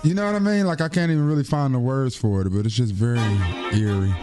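Man, radio co-host, bantering, music clearly behind. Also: medium pitch. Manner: quick affirmations and banter. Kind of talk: morning radio chat.

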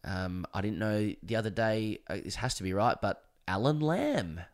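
Joking Australian man, lowish voice. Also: very animated, normal speed. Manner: joking, rambling, mock-grandiose. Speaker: podcast co-host. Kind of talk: casual cricket chat with ad reads.

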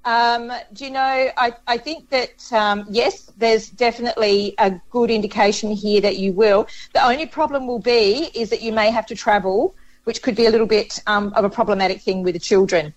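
A woman's voice: on the high side, steady tone, normal speed, hardly any pauses, rough recording. Reassuring female psychic on radio. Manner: reassuring, calls callers darling. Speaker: psychic reader. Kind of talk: call-in psychic reading.

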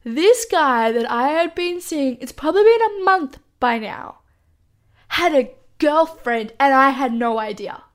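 High-voiced young woman telling a story. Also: expressive, measured pace. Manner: chatty, swears freely, peppers speech with "like". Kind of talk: casual personal storytelling.

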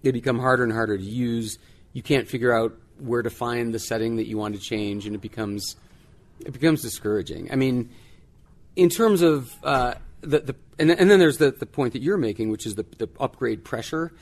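A man's voice: medium pitch, fairly quick. A man answering interview questions in a casual, amused way, chuckling and restarting sentences. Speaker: guest, tech journalist.

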